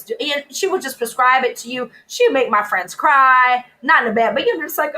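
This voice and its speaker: Bright, high New woman. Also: fairly quick, hardly any pauses, poor audio. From New Orleans, USA. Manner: animated, wry, laughing asides. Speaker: guest, food writer. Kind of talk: casual storytelling chat.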